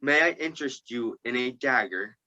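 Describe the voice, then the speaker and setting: A man's voice: medium pitch, animated, normal speed, sharp tone, muffled recording. A man reading the lines of a manic, wealthy elf host who pushes treasure on his guests, in his own plain voice. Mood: pushy.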